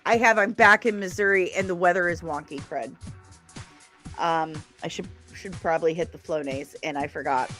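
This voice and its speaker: A woman's voice: lowish voice, normal speed, fairly bright tone, soft background music. Tired, chatty woman hosting a stream. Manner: rambling, chatty, laughs often. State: tired after long travel. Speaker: livestream host. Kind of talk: casual chatty stream talk.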